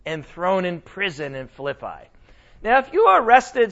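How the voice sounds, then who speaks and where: A man teaching a Bible lesson in a casual, animated sermon style, often asking his listeners questions. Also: very high-pitched, unhurried, lo-fi sound. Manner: animated, conversational, asks the audience questions.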